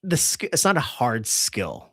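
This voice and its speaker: A man with a mid-range voice tells a rideshare story on his live stream in loose, casual talk. His pitch rises and falls constantly as he acts out passengers and laughs through the telling. The sound is dry and close, with no room around it. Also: a little slow, husky, dry recording. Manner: animated, acts out dialogue, laughs while telling.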